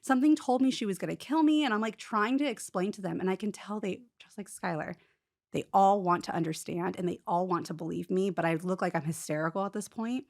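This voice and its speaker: A woman's voice: lowish voice, creaky. Woman retelling a story, lots of "like". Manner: rapid, animated retelling full of "like" fillers and restarts. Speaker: guest telling her own story. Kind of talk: casual storytelling in an interview.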